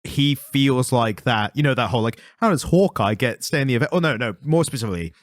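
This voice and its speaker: A man co-hosting a podcast in casual chat, talking quickly and acting out quotes with a laugh here and there. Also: medium pitch, lively intonation, no echo. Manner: quick and chatty, acts out quotes from the comic with laughs. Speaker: podcast co-host.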